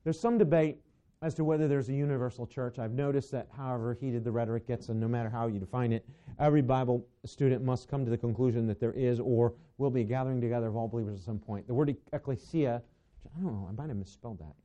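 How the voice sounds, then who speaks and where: A man's voice: mid-range voice, fairly even intonation, fast talker, warm tone. A man teaching a Bible lesson to a class in a conversational, digressive way, with asides to his students.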